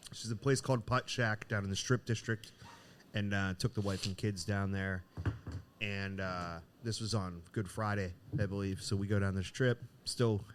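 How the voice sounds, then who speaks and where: A man's voice: on the low side, normal speed, a little hiss or hum. Man telling a story with animation. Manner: animated, acts out the voices in his story. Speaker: podcast co-host. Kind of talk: casual storytelling chat. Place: cigar shop.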